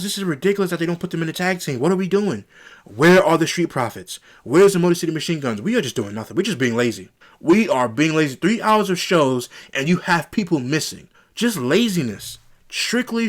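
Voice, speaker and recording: A man's voice: a little high, expressive, a little fast. A man reviewing a wrestling show on his own channel, ranting in an exasperated way and repeating rhetorical questions. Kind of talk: opinionated solo review rant.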